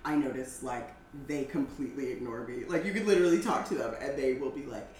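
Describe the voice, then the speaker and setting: A woman comedian from Brooklyn, chatting on a podcast as a guest, telling lively stories and mimicking people as she goes. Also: very deep voice, quick pace, echoey room, slight background noise, rough recording. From Brooklyn, New York. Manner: animated, laughing storyteller, mimics people. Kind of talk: casual podcast chat.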